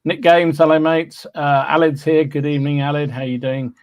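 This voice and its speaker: This podcast host's voice is slightly high and fairly flat in pitch, delivered at a moderate pace with no room sound. Relaxed and chatty, he reads out viewer names one by one during a casual live stream, humming and using lots of fillers.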